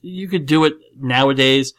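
Hosting a podcast, a man talks loosely about a movie at a moderate pace, his mid-range voice a bit bright. He's emphatic and rambling, with lots of fillers and restarts.

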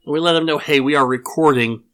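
A man's voice: a little high, fast talker, a bit bright. A man hosting a podcast, reading listener answers aloud in playful, joking banter. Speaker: podcast host.

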